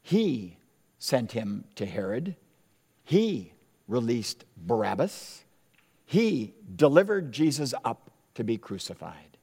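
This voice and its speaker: A man preaching a sermon as pastor, in an emphatic, deliberate style with dramatic pauses. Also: medium pitch, very animated, mellow, husky. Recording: long hall reverb.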